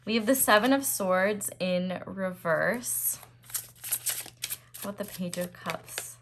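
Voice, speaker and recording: A young woman giving a casual tarot reading to her viewers, chatty and full of fillers, breaking into excited bursts as she turns cards. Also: mid-range voice, slow, a little hiss or hum. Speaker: tarot reader.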